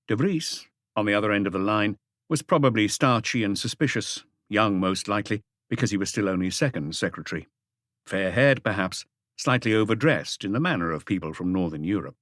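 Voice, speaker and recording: A man narrating a mystery audiobook in an expressive storytelling manner. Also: on the low side, moderate pace, no echo, clean studio sound. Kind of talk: scripted narration.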